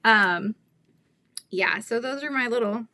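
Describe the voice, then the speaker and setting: A woman's voice: fairly high pitch, takes it slowly, bright, forceful tone, no echo. A middle-aged woman hosting a crochet livestream, chatting casually, giggling and reading the chat aloud.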